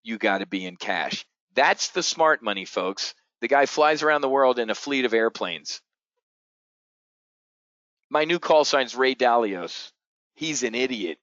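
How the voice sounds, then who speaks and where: A man hosts a live market show in a blunt, profane rant that swings from loud outbursts to low mutters. His voice is bone-dry with no room sound, and the stream audio is dull and lo-fi. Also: expressive, measured pace, pauses often, no room sound. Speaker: trading show host.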